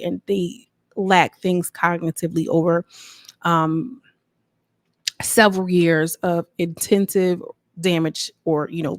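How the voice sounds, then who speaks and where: A woman's voice: lowish voice, no echo. Sassy chatty woman, dry close sound. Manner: chatty, sassy, talks straight to viewers. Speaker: podcast host. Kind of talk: casual gossip recap.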